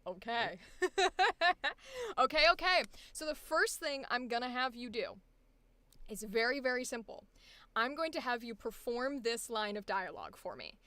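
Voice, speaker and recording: High, bright-voiced woman coaching. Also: expressive, normal speed, dry recording. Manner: chatty, laughs often, exclamatory. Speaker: voice acting coach. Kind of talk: live-streamed coaching session.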